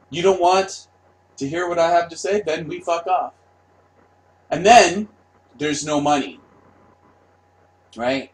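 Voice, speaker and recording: A middle-aged man hosting his own channel, delivering a profane, mocking rant with shouted outbursts. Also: fairly high pitch, slow pace, pauses often. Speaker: commentary channel host. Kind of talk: ranting monologue.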